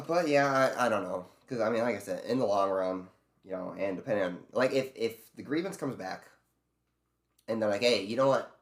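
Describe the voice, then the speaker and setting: A man's voice: fairly low pitch, animated, normal speed, reverberant. A man streaming from home, venting about his job in a casual, profane rant. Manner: profane, venting, mimics bosses in quoted voices.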